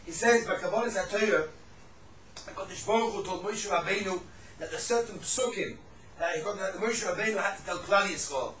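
A man with a high, fairly bright voice delivers a religious lecture on Jewish law and ethics at a fairly quick pace. As a religious teacher, he tells stories with animation, repeats his phrases, and mixes in Hebrew and Yiddish terms. The recording was made in an echoey room with the mic set back, so he sounds far away, with faint background noise.

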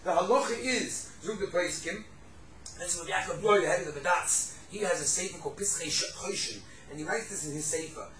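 Brief: quick, animated male teacher, bright tense voice, acts out examples, room echo from a distance. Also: sits high, slight background noise. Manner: animated, acts out quoted speakers, sprinkles Yiddish and Hebrew terms. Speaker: Torah teacher. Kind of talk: casual halacha class.

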